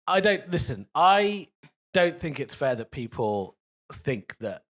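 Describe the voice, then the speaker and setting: A man's voice: on the high side, sing-song, a bit bright. A man co-hosting a comedy podcast, pushing back playfully and defending himself in casual banter. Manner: argumentative, quick to push back, playful.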